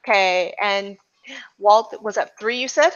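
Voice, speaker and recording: A woman's voice: mid-range voice, unhurried, dull audio. A woman narrating a tabletop game as game master, in a loose, filler-heavy way with frequent restarts.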